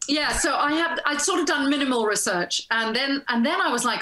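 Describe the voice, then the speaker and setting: A woman actress telling a casual story as an interview guest, animated and acting out the lines she quotes, over a video call. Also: high voice, a little fast. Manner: animated, laughs often, acts out quoted lines. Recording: roomy echo.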